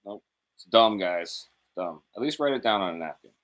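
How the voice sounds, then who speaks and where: A man's voice: lowish voice, lively intonation, normal speed, a bit bright. A man in a casual podcast chat who makes blunt, sarcastic remarks with plenty of swearing.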